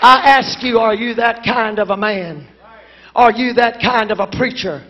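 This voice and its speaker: A woman preaching a sermon emphatically, building to shouted lines and then dropping to a low, quiet delivery. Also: unhurried, a faint crowd. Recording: dull lo-fi conference recording.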